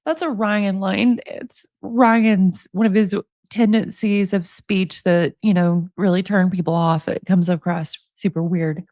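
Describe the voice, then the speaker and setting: A woman in her forties reads emails aloud in a casual commentary, breaking off to make sarcastic, amused remarks. Her pitch sits in the middle, and the recording is close and dry with no room sound. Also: steady tone, unhurried, hardly any pauses, a little mellow, dry recording. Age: 40s. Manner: amused, sarcastic, laughs often. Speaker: commentary host reading prison emails.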